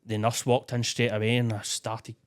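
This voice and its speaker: A man's voice: medium pitch, monotone, normal speed. A Scottish man on a podcast, recalling his own hospital stay bluntly, with swearing and emotion. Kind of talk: casual podcast conversation.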